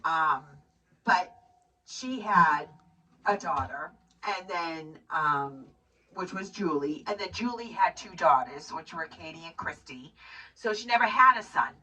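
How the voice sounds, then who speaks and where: A woman's voice: sits low, measured pace. Chatty woman retelling a horror film. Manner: rambling, animated storytelling with acted-out quotes. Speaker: co-host recapping a movie. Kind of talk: casual chat. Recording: distant mic with hiss.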